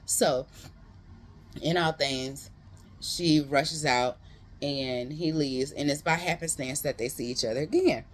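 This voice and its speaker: Animated slangy book recapper. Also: medium pitch, slow, slight background noise. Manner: animated, slangy retelling with asides. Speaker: book reviewer. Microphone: close.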